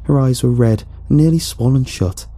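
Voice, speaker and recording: A man narrating a first-person horror story in an expressive, animated way. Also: mid-range voice, normal speed.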